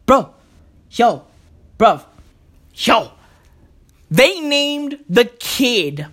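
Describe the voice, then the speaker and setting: A woman in a comedic rant, profane and repetitive, rambling in loud outbursts. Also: sits high, wildly swooping pitch, slow pace, long pauses.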